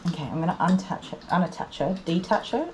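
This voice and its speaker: A woman's voice: on the low side, expressive, fast talker, heavy background noise. A woman dog groomer chatting on a live stream from her grooming salon, cooing over a tiny dog and sometimes dropping to a whisper.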